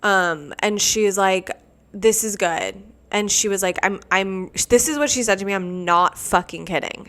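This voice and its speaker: A woman's voice: medium pitch, a little slow, fairly bright tone. A young woman hosting a solo podcast, rambling casually with lots of "like" and dramatizing everyday mishaps. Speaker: podcast host.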